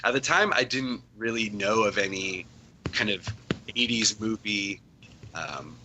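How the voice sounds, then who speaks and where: A man's voice: fairly low pitch, measured pace, noisy background. A man, a comic writer on as a guest, chatting casually and rambling with lots of fillers. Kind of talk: casual chat.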